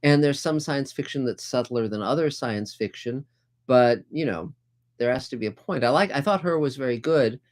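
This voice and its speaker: A man's voice: medium pitch, moderate pace. A middle-aged man hosting a casual group video call, upbeat and chatty with lots of fillers. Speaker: host.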